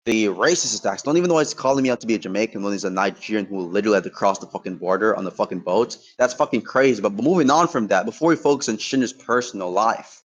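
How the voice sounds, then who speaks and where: Fast-talking, combative male debater. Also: lowish voice, animated, lo-fi sound. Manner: combative, profane trash talk; lays out points step by step. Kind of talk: heated online voice-chat debate.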